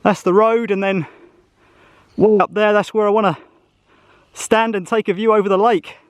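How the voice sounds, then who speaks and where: High-voiced man vlogging outdoors. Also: steady tone, moderate pace, smooth, no echo. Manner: chatty, thinking aloud while walking. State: slightly out of breath on a hike. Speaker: travel vlogger. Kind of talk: casual travel vlog narration. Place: outdoors on a mountain trail by a lake.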